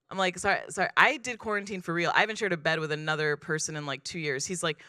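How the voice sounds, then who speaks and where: A woman performing a stand-up comedy set on a club stage, deadpan and self-deprecating, acting out the people in her stories. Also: sits low, brisk, clean tone, dry recording, clean studio sound.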